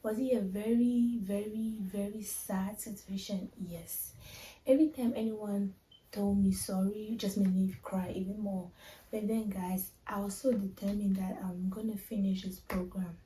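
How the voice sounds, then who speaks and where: A woman's voice: medium pitch, fairly even intonation, unhurried, dark tone, recorded from a distance. Emotional young woman vlogging in echoey room. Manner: emotional, confiding, addresses viewers as guys. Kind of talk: personal storytelling vlog.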